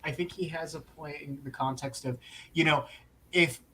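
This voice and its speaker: A man's voice: on the high side, fairly even intonation, moderate pace, pushed and bright, a little hiss or hum, low-quality recording. A man co-hosting a movie talk show, earnest and hesitant in casual chat. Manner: earnest, hesitant, many fillers. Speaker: podcast co-host.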